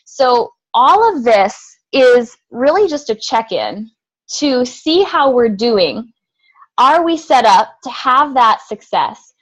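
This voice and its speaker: A woman's voice: on the high side, big pitch swings, takes it slowly, dull audio. A woman with a slightly raised voice leads a group call. She talks in an upbeat coaching way and keeps asking the team rhetorical questions.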